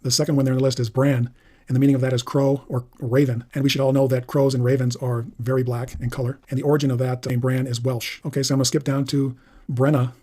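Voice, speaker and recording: Man, fast reading, husky, low-toned, explanatory list reading. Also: flat delivery, mellow. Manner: plain, explanatory, reading aloud item by item. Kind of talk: reading a list of name meanings.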